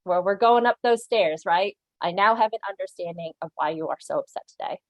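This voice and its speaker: Speaking a little fast in a lowish voice, a woman who works in animal control runs an online training. She instructs with sincerity, asks "right?" frequently, and lets out an occasional light laugh. The audio is poor, with no room sound.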